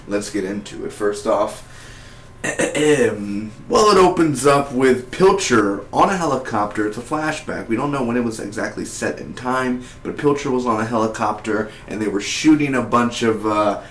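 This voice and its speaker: A man recapping a TV episode in a loose, excitable ramble, full of "uh" and "you know" and quick restarts. His voice sits at an ordinary middle pitch. The room around him rings with a noticeable echo. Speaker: TV episode reviewer. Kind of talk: casual spoiler review recap. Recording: echoey room.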